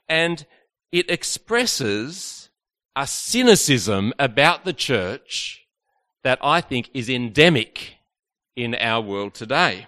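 A man's voice: medium pitch, expressive, takes it slowly, pushed and bright. A man giving an evening church teaching talk, chatty and playful with his listeners, with plenty of fillers. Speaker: preacher.

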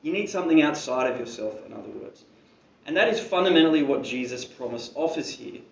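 Set back far from the mic, a preacher delivers a conversational sermon with casual asides in a church hall, animated and brisk. His ordinary-pitched voice is creaky, dull and muffled, surrounded by a roomy echo and faint hum of ambience.

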